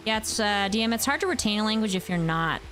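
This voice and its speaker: A woman's voice: mid-range voice, animated, fast talker, a bit bright. A young woman chatting casually on a gameplay stream, rambling and answering her chat, with faint music behind her.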